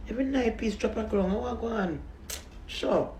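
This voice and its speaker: A man's voice: sits high, moderate pace, gravelly, a little mellow, slight background noise. A man chatting casually to his viewers while eating, rambling from one thought to the next. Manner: chatty and rambling, talks with his mouth full between bites. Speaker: food vlogger. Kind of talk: casual eating vlog talk. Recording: echoey room.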